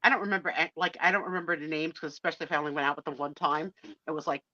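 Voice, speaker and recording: A woman's voice: low-pitched, rapid-fire, dry recording. A middle-aged woman co-hosting a live stream, telling a dating story in casual chat and acting out the voices of people in it. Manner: animated, acts out voices in her stories. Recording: dull lo-fi stream audio.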